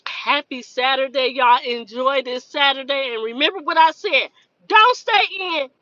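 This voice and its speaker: A woman's voice: sits high, normal speed, dry recording, highs cut off. A woman hosting a casual livestream who tells stories to her viewers, laughs often and acts out the voices in her stories. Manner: lively, laughs often, acts out quoted dialogue. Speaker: livestream host.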